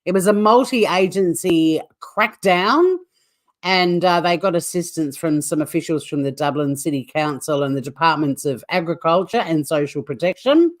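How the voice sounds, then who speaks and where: Australian woman co-host, low-ish voice, lively sweary news banter. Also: moderate pace, no echo. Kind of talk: comedic news chat.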